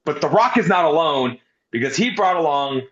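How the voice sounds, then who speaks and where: A man's voice: on the high side, expressive, moderate pace, a bit bright. A man co-hosting a casual wrestling review, talking animatedly and swearing often. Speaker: podcast co-host. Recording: roomy, dull lo-fi sound.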